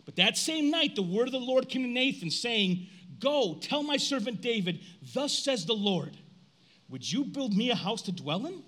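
A man in his forties preaching a sermon in a casual, animated way, reading scripture and breaking into loud outbursts. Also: very high voice, moderate pace. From United States. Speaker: pastor.

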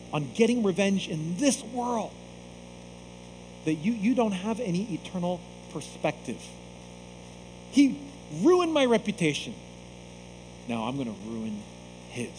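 A man from the United States preaching a sermon as a pastor, acting out quoted voices in an animated way. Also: high-pitched, in a large hall, slight background noise, poor audio.

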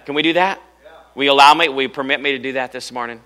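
Bright-voiced man preaching a sermon. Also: mid-range voice, quick pace. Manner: animated, rhetorical questions, swings from loud to hushed. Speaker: pastor. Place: church.

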